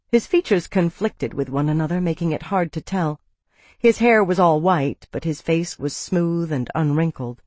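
Audiobook narrator reading first person, steady and measured, dead dry close mic. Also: mid-range voice, no room sound.

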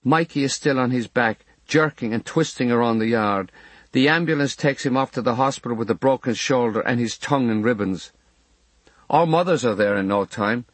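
A man's voice: medium pitch, normal speed, no echo. A man reading a memoir audiobook in a wry storytelling manner. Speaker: audiobook narrator.

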